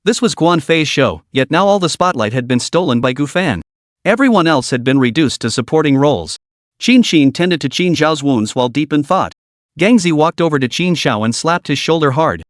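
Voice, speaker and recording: Give me a man narrating a dramatic comic recap, animated, with a dry close sound. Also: on the high side, moderate pace, dry recording. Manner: steady dramatic storytelling.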